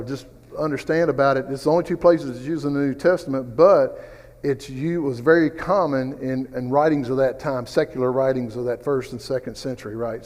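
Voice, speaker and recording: A man's voice: medium pitch, a little mellow, long reverb tail. Man teaching a rambling, chatty Bible class. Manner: rambling, with personal stories and asides. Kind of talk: conversational Bible study teaching. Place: church classroom.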